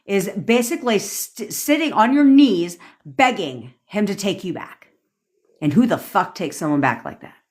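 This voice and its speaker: A woman's voice: medium pitch, animated, moderate pace, darkish tone. A young woman coaching on manifestation in a livestream rant, blunt and profane, acting out pleading and smug inner voices.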